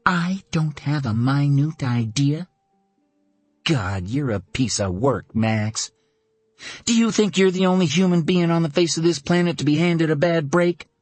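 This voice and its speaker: A fiery, blunt woman of an audiobook drama, put on by a male narrator, raised well above his own pitch. She scolds in fast, cutting bursts, and the recording is close and dry with no room sound. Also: animated, darkish tone, husky, no echo, faint music behind. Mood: furious. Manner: mocking then furious, rapid scolding. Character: fierce blunt woman who survived a hard injury, fiery. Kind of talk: audiobook character voice.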